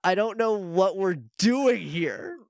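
Man, casual co-host chat, slightly high voice, laughs often, dry close sound. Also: gravelly, dry recording. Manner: animated, laughs a lot, mimics characters in quick asides. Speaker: podcast co-host. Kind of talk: casual chat recapping a show.

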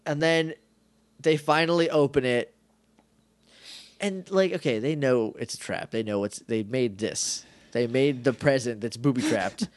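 A man co-hosting a podcast in casual chat, playful and quick to put on silly voices when he retells scenes. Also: medium pitch, no room sound. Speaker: podcast co-host.

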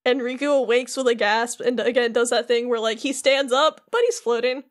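A woman's voice: fairly high pitch, fairly quick. Chatty woman recapping a game. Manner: animated, chatty, full of "like". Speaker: podcast co-host. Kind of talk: casual chat, recapping a game.

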